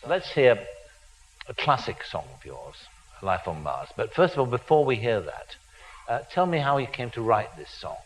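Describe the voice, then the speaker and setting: A man hosting a television chat show in a studio, asking probing and gently teasing questions. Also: medium pitch, very animated, moderate pace, low-quality recording. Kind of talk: television interview.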